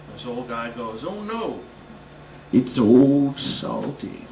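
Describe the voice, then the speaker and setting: Comedian guy on stage telling a wild story, fairly high voice, echoey room, mic a bit far. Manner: animated, building excitement. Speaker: stand-up comedian. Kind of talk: comic storytelling. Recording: roomy stage sound, distant mic, noisy.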